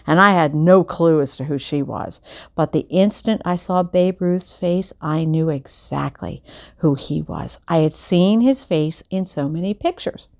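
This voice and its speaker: A woman reading a children's novel aloud at home, chatting between chapters and giving the characters animated voices. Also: lowish voice. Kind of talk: casual read-aloud of a book. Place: home at night.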